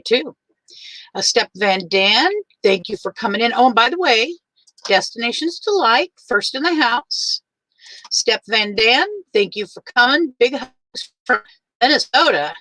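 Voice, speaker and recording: Older woman, livestream host, teary, warm and chatty, bright higher voice. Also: dry recording, rough recording. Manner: warm, chatty, greets each viewer by name. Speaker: livestream host greeting viewers. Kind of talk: casual livestream chat.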